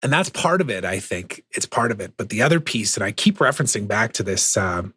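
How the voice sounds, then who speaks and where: A man's voice: fairly low pitch, big pitch swings, fairly quick, pushed and bright, breathy edge, no echo, studio quality. A man hosting a podcast, asking questions and chatting with enthusiasm and frequent laughter. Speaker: podcast host. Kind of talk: casual interview conversation.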